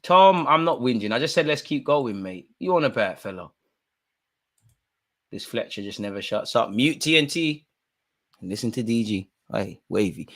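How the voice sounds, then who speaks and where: A man co-hosting a live football watch-along, exasperated and heckling the referee, dropping into mutters and rising to shouts with plenty of street slang. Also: medium pitch, lively intonation, normal speed, pauses often. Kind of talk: live match commentary and banter.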